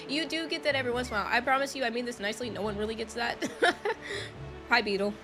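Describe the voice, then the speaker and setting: Woman streamer, casual and chatty with chat, quick to laugh, voice recovering from having been lost, light music underneath. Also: fairly high pitch, steady tone. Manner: chatty, greets viewers, laughs often. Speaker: streamer playing a game.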